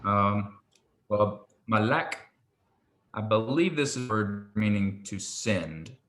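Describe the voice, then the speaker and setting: A man patiently tutoring a student in Hebrew pronunciation, relaxed and a little hesitant, with many ums. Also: on the low side, slow. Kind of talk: patient one-on-one language lesson. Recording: echoey room with faint ambience.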